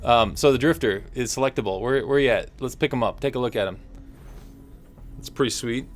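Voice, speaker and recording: A man's voice: medium pitch, brisk, soft background music. A man hosting a casual game livestream, chatty and upbeat, with frequent fillers. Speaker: stream host.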